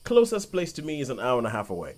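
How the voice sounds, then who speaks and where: Brief: male co-host, animated intonation, wry casual talk. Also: medium pitch, fast, a crowd in the background. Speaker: podcast co-host. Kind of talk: casual film chat.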